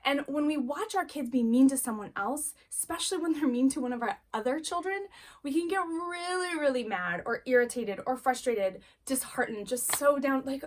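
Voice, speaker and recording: A woman's voice: high-pitched, normal speed, slight background noise. Earnest woman teaching a parenting lesson. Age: adult parent. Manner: earnest, encouraging, repeats key phrases. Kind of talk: casual spoken lesson.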